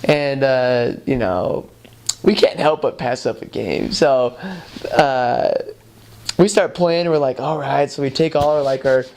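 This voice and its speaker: A former missionary tells a personal anecdote to camera in a loose, chatty style packed with "like" and "you know," animatedly acting out other people's lines. His mid-range voice is a little slow, with slight background noise.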